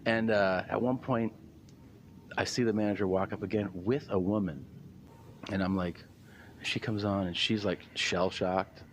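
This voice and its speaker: A comedian telling a story in casual chat, rambling and animated. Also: male voice, fairly low pitch, measured pace, long pauses, slight background noise. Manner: rambling, filler-heavy, animated retelling.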